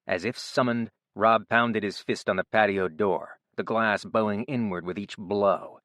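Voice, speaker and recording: A man narrating an audiobook in a steady, even storytelling voice. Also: lowish voice, unhurried, few pauses, no echo, studio quality. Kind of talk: scripted narration.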